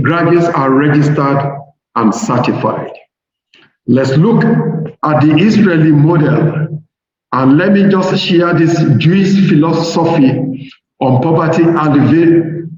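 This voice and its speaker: Nigerian professor lecturing in an echoey hall. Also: male voice, fairly high pitch, darkish tone. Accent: Nigerian English. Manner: measured, deliberate, slows to stress key points. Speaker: professor giving a seminar lecture. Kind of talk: academic lecture reading from slides. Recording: very echoey hall, dull lo-fi sound, faint noise.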